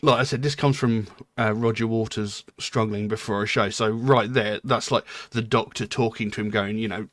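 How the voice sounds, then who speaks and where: Rambling man, low voice. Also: fairly even intonation, moderate pace, hardly any pauses, fairly bright tone, no room sound, clean studio sound. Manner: rambling, filled with "you know" and "um". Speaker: music reaction channel host. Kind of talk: casual music commentary.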